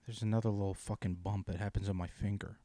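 A man in casual chat, ranting profanely about his bad day, dropping to mumbles and then yelling. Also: lowish voice, little pitch movement, quick pace, no echo, clean studio sound.

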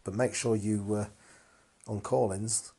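A man's voice: lowish voice, steady tone, slow pace, dark tone, breathy edge. A man, hosting a casual call-in chat in an encouraging, playful way.

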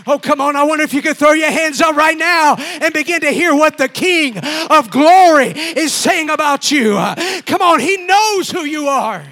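A man with a very high voice delivers a youth camp sermon. He shifts between loud, fiery call-and-response preaching and easygoing, humorous storytelling. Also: normal speed, hardly any pauses. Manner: relaxed storytelling with jokes. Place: youth camp meeting room.

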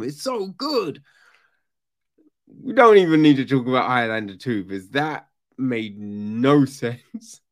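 A man rants through a casual book review, cursing freely and sounding fed up. His pitch leaps all over the place while he talks at a slow, drawn-out pace. It is mid-pitched and loose. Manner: animated, swearing, exasperated.

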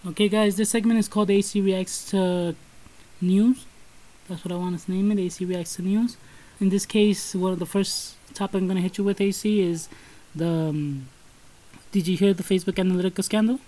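A woman with a New York accent co-hosting a casual podcast, telling stories with lively emphasis and talking straight to listeners. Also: medium pitch, moderate pace, low-quality recording. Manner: animated storytelling, addresses listeners as guys. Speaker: podcast co-host.

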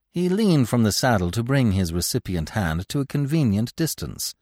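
A man narrating a classic novel in a measured, expressive reading. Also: mid-range voice, no echo, clean studio sound. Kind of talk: scripted audiobook narration.

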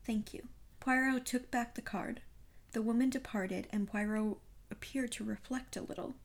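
A woman narrating a classic detective story in a measured reading voice. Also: fairly high pitch, fairly even intonation. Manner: measured storytelling read aloud. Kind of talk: audiobook narration.

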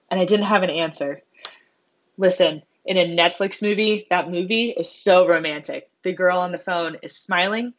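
Expressive woman giving a motivational talk, lo-fi. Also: fairly low pitch, unhurried. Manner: expressive, acts out quoted voices with self-mocking humor. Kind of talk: motivational monologue. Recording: slightly dull lo-fi sound.

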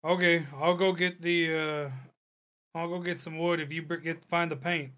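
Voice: medium pitch, little pitch movement, normal speed, sharp tone. A game master narrating a tabletop roleplaying game, rambling and laughing between descriptions.

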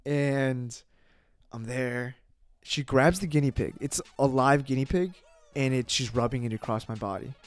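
A man, a podcast guest, telling a personal story in casual talk, animated, with lots of fillers and swearing. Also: medium pitch, a little slow, no echo.

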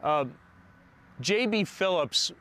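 A man delivers a sermon at a measured, unhurried pace, leaning on key words with long pauses. His voice sits slightly high and has a bright, forceful edge. He speaks like a pastor addressing his congregation. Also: expressive. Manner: preaching with slow emphatic pauses.

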